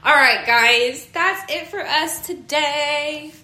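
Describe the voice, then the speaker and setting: A woman's voice: sits high, slow pace, bright, forceful tone, echoey room. A young woman co-hosting a casual chat, gushing about food and laughing often. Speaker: podcast co-host.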